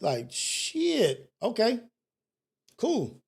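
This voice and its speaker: A man's voice: sits high, animated, moderate pace, a little mellow. A man hosting a call-in talk show, ranting bluntly and emphatically, with slang and profanity and lots of repetition. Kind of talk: casual motivational talk show rant.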